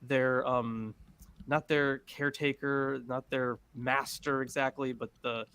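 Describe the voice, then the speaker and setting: A man's voice: mid-range voice, little pitch movement, slow, a bit bright, clear, resonant tone, dry recording. A man on a casual online panel, talking hesitantly with many fillers as he searches for the right words over a video call. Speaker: panel guest.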